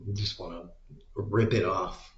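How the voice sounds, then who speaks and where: A man's voice: low voice, little pitch movement, unhurried, slight background noise. A man ranting casually with plenty of profanity, rambling and muttering as he goes. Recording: echoey room, dull lo-fi sound.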